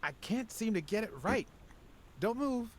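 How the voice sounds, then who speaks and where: A man's voice: high-pitched, animated, unhurried, background noise. An actor voicing an eager young male weasel photographer in a video game, brash and defensive.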